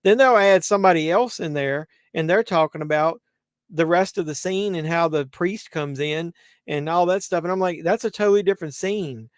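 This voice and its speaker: Man, live watch-along host, rambling casual talk, somewhat high-pitched, dry room. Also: normal speed, clear, resonant tone, dry recording. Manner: rambling, conversational, many fillers and restarts.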